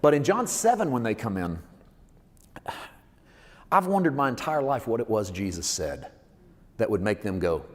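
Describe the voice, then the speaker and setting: A man's voice: mid-range voice, very animated, moderate pace, long pauses. A male preacher giving a conversational sermon that builds to emphatic fervor. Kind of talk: sermon teaching. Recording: long hall reverb.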